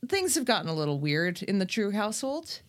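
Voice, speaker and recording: A woman's voice: mid-range voice, very animated, fairly quick. A woman co-hosting a podcast in casual chat, playful and self-mocking. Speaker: podcast co-host.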